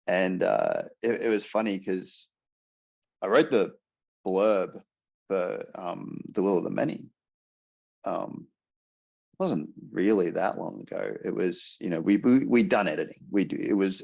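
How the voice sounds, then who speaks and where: A man's voice: low-pitched, a little slow, gravelly, long pauses, a little mellow, slightly rough. A man speaking as an author guest on a podcast, hesitant, with many fillers and restarts. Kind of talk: casual podcast interview. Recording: dull lo-fi audio.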